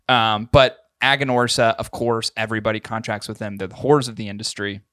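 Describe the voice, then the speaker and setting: A man's voice: lowish voice, steady tone, brisk, a bit bright, clear, resonant tone, dry recording, clean studio sound. A young adult man co-hosting a podcast in casual chat, crude and joking, often laughing as he tells stories. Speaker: podcast co-host.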